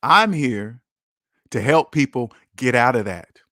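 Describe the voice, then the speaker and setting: A man's voice: mid-range voice, expressive, slow pace, bright, forceful tone, no room sound, studio quality. A man hosting a casual livestream, talking bluntly and emphatically, with profanity and lots of repetition. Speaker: livestream host.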